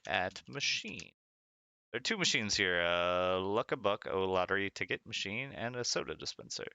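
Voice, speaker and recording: Gravelly, bright-toned man playing a retro game. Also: sits low, animated, normal speed, no echo, lo-fi sound. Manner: reads game text aloud and laughs often. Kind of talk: casual game commentary.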